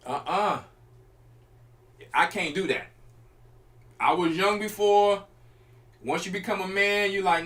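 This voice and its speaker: A man's voice: sits high, takes it slowly, long pauses, a bit bright. A man preaching as a church elder, teaching an informal sermon in an emphatic, colloquial way and speaking straight to his listeners.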